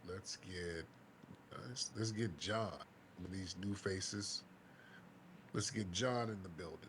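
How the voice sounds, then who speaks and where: A very deep-voiced man runs a live audio chat room, briskly calling up the next speakers. Clear background noise hangs under his voice throughout the stream. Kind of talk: moderating callers.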